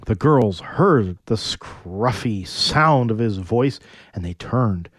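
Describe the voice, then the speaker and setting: A man narrating a myth in a playful, very animated storytelling manner. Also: on the low side, slow pace, dry recording, studio quality.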